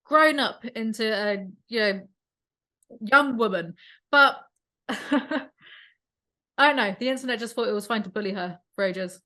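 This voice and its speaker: A woman hosting a casual podcast chat, ranting about online creators in an opinionated, animated way. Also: on the high side, measured pace, long pauses. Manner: ranting, opinionated, self-aware about vocal fry. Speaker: podcast host.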